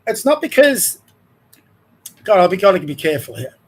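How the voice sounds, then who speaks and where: A man's voice: high voice, very animated, moderate pace, husky. An Australian man hosting his own show, ranting in a heated, rambling way and trailing off mid-sentence. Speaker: show host. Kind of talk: ranting commentary.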